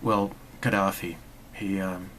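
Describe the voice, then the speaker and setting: On his own vlog channel, a man delivers an opinionated monologue that's sarcastic, rambling, and riddled with restarts. His voice sits low and is fairly bright, with a slow, flat delivery, and the low-quality recording carries a little hiss or hum.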